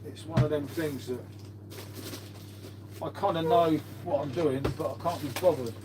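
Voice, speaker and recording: A middle-aged man, voice a little high and pace moderate, chats idly with viewers on his live stream as he cleans up. He muses out loud, calls everyone mate, and stays relaxed throughout, with background noise in the recording.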